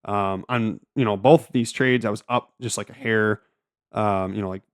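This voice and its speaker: A man's voice: fairly low pitch, fairly even intonation, moderate pace, clean tone. A man hosting a casual solo trading recap, rambling with frequent stammers, restarts and filler words. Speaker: trading channel host.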